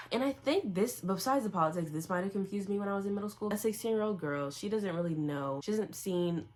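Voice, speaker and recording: A woman's voice: mid-range voice, lively intonation, fairly quick. A young woman recapping a book in a casual vlog, chatty and full of "like" fillers, acting out the characters' lines as she goes. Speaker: book vlogger.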